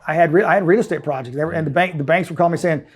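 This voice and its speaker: A middle-aged American entrepreneur, appearing as a guest in an interview, tells his story intensely and acts out the people he quotes. His voice is a little high and rapid-fire.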